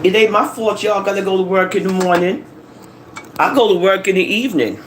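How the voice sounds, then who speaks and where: A live-stream host, chatting casually from home into a phone, animated and laughing as they tease and tell stories. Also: mid-range voice, a little fast, background noise. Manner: animated, laughing, teasing rants and storytelling. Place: home living room. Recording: echoey room with faint ambience.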